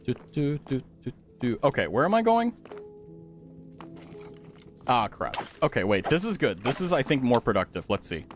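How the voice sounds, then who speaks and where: Playful young man with a very lively voice. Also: medium pitch, moderate pace, pauses often, faint music behind. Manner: playful, chatty, talks to chat. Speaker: streamer. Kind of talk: casual gaming commentary.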